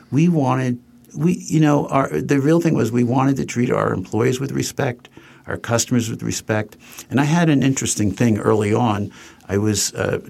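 An older man from New Jersey in a relaxed podcast interview, his voice low, gravelly and husky. He rambles through stories with restarts and slips into quoted voices as he goes. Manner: anecdotal, acts out quoted voices, frequent restarts. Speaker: furniture company co-founder, guest. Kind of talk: casual interview storytelling.

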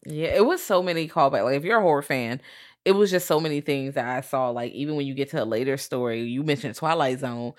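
A woman co-hosting a podcast in casual chat, animated and swearing freely, acting out quotes, with a Southern US accent. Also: very deep voice, fast. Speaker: podcast co-host.

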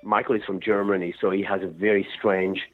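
Husky low-voiced man on a phone line. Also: brisk, soft background music. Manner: rambling, animated storytelling with restarts. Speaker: rock singer guest. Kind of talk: phone interview.

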